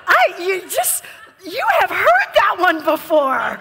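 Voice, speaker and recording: Lively high-voiced woman teaching in a hall. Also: unhurried, a little hiss or hum. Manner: emphatic, playful, often laughing between points. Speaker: host and speaker leading a live audience. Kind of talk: animated spiritual teaching to a live audience. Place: large event hall with a live audience. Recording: reverberant hall sound.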